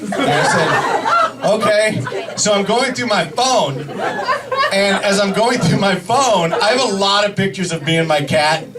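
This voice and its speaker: A man's voice: high voice, lively intonation, normal speed, heavy background noise. A man performing live stand-up comedy, telling a story animatedly, with frequent restarts. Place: comedy club stage. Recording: distant mic, loud audience laughter.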